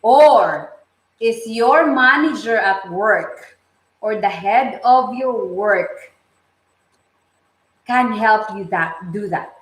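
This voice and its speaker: A woman's voice: medium pitch, lively intonation, extremely slow, long pauses, roomy sound, low-quality recording. A woman with a Filipino accent chatting on a live stream, reading viewer comments aloud, greeting people by name, and repeating and restarting phrases as she thinks. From Philippines. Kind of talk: casual live-stream chat while cooking. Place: home kitchen.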